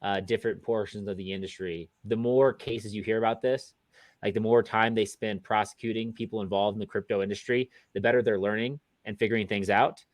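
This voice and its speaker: Male co-host, low voice, casual and hesitant, dry close recording. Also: fairly even intonation, a little fast, dry recording. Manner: hesitant, many fillers and restarts. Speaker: podcast co-host. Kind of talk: casual podcast discussion.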